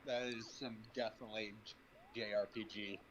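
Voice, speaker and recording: A man's voice: lowish voice, steady tone, normal speed, a bit bright, highs cut off. Dry, sarcastic man on a phone. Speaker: stream co-host. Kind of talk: casual chat over gameplay. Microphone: phone over voice chat.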